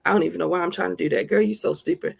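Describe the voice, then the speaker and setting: A woman voicing a nagging, mocking female inner critic that needles with rapid questions. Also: lowish voice, gravelly, breathy edge, heavily acted.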